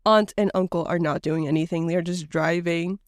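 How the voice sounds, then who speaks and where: A woman's voice: fairly low pitch, steady tone, brisk, no echo, clean studio sound. A woman co-hosting a casual podcast chat, laughing often while she tells stories with lots of feeling. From United States. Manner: laughs often, acts out voices in anecdotes. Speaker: podcast co-host. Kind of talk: casual chat, animated storytelling.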